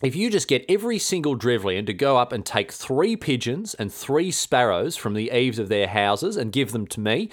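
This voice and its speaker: A man's voice: mid-range voice, very animated, normal speed, few pauses. A man voicing a ruthless medieval queen who talks in casual, dismissive, matey slang. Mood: breezy.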